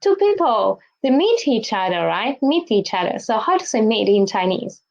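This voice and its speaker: A woman's voice: on the high side, big pitch swings, gravelly, darkish tone, lo-fi sound. A woman teaching a Chinese language lesson, asking questions and having learners repeat words after her. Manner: slow, questioning teacher talk with repeated drills.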